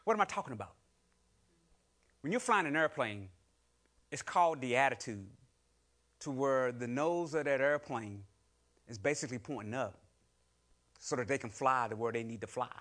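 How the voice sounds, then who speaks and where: A man's voice: mid-range voice, lively intonation, normal speed, long pauses. A middle-aged man preaching a sermon, using call-and-response with the congregation and acting out grumbling people in quoted asides. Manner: call-and-response preaching, rising to loud exhortation. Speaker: lay preacher.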